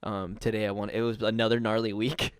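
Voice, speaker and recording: A man's voice: fairly low pitch, flat delivery, fairly quick, clear, resonant tone, no room sound. A young man co-hosting a podcast, talking in a laid-back, casual way with swearing and laughter. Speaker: podcast co-host. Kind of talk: casual chat.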